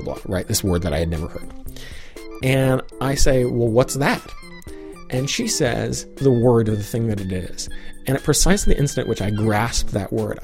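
Middle-aged man, animated personal storytelling, chatty with lots of fillers, soft music underneath. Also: medium pitch. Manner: lively, many "like" and "you know" fillers. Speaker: professor, interviewee.

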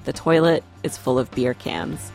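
A woman reporter telling a story in measured, scripted radio narration. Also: a bass voice, vocal fry, a little mellow, soft background music.

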